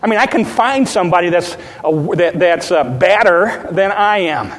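A man's voice: animated, moderate pace. A man preaching as a pastor, retelling a story and building to fervent preaching. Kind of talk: sermon. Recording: long hall reverb, faint rumble.

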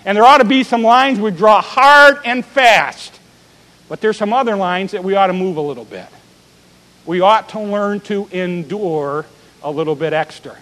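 Male preacher, high voice, emphatic and rhetorical, long hall reverb. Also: normal speed, pushed and bright. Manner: emphatic preaching with rising and falling volume, repeated rhetorical questions. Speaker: pastor. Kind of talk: sermon.

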